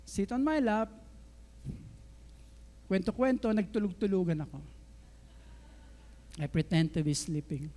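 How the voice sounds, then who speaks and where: Filipino man, middle-aged, high voice, lively storytelling sermon, long church reverb. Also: measured pace, long pauses. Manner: lively storyteller who acts out dialogue and laughs along. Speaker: pastor. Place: church sanctuary.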